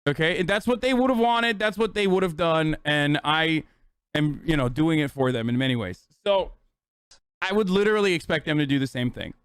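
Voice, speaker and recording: A man's voice: fairly high pitch, brisk, a bit bright, clear, resonant tone, no echo. A man in his thirties telling a rambling, sarcastic, profane story on a casual livestream. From United States. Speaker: streamer.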